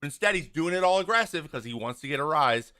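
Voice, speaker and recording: A man's voice: on the high side, fast. A man hosting a casual talk show, breaking down a game clip, blunt and exasperated, acting out what players say. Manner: animated, acts out what players say. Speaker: host, former pitcher. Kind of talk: casual video breakdown commentary.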